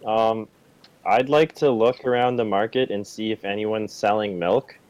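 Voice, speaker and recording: A man's voice: lowish voice, fairly even intonation, unhurried, a little mellow, no room sound. Hesitant male player, dry sound. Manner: hesitant, stammering. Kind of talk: tabletop game play.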